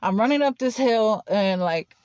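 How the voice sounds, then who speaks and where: A woman recounts a personal story in loose, casual talk, circling back and restarting her sentences. Her voice sits at a middle pitch. The recording is dry and close, with no room sound. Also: expressive, moderate pace, a little mellow, clear, resonant tone, no echo, dull audio. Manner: rambling, heavy use of "like" and restarts. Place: Nashville.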